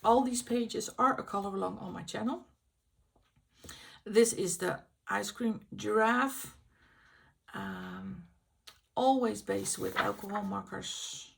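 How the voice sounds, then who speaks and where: A woman's voice: mid-range voice, takes it slowly, gravelly, long pauses. A woman hosting a casual video where she shows her finished colouring pages, chatting and thinking aloud as she checks which supplies she used. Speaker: colouring channel host.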